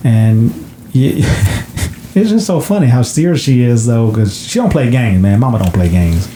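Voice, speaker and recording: A man co-hosting a podcast, telling a film scene in an animated, storytelling way with his pitch bouncing around. His tone is dark and mellow, and the echoey room carries a faint hum of background noise. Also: unhurried. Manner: animated storytelling, acting out quoted lines. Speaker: podcast co-host. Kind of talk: casual movie recap.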